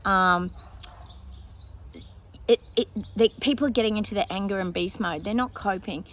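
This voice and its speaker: Chatty woman psychic rambling on to her viewers, mid pitch, lots of ums and little laughs. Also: normal speed, slight background noise. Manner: rambling, chatty, thinks aloud with many fillers; laughs often. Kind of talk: casual predictions monologue to viewers.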